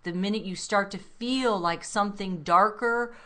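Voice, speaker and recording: A woman's voice: medium pitch, moderate pace, fairly bright tone. A woman co-hosting a self-help talk show, speaking earnestly and reflectively and addressing listeners directly. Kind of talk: motivational talk radio chat.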